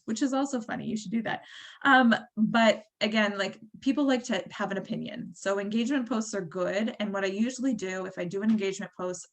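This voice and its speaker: Woman, 30s, team leader on a call; chatty, encouraging, lots of fillers. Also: medium pitch.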